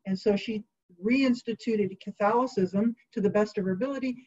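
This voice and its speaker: A woman's voice: mid-range voice, moderate pace, a little mellow, slightly rough. Breezy woman telling history. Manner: breezy, jokey, lots of fillers and quoted asides. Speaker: host. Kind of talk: casual chatty history storytelling. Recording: slightly dull lo-fi sound.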